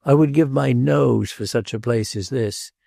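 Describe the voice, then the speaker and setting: A man's voice: mid-range voice, unhurried, vocal fry, mellow, no echo, studio quality. A male audiobook narrator voicing a blunt, plain-spoken young working man with a Northern English accent. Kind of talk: audiobook character reading.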